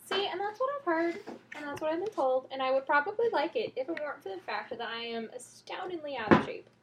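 Woman, fairly high voice, lively intonation, casual joking podcast talk. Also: quick pace, noisy background. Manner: joking, self-deprecating, animated. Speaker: podcast co-host. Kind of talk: casual chat.

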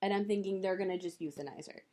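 Animated woman telling a story in casual chat. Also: medium pitch, fast talker. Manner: animated storyteller who acts out the people she quotes, with profanity. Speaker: podcast co-host.

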